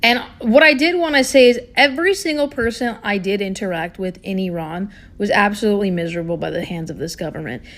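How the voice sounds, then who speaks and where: A woman's voice: medium pitch, fairly quick, hardly any pauses. A young woman telling a personal story to camera in loose, slangy talk with plenty of swearing. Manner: slangy, loose, swears freely, acts out what others said. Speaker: vlogger. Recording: roomy echo.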